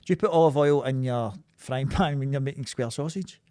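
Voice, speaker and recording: A man's voice: medium pitch, a little fast, no echo, studio quality. A man with a Glaswegian accent, co-hosting a podcast in sweary, jokey casual banter. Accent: Scottish, Glaswegian. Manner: sweary, jokey, animated storytelling. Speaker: podcast co-host.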